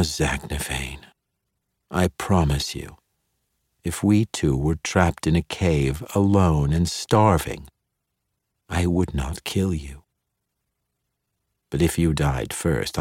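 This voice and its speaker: A man reading an audiobook and voicing a sly, playful male dark elf mercenary leader who talks smoothly and teasingly. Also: very deep voice, slow pace, pauses often, dry recording, clean studio sound, full character voice. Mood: wry.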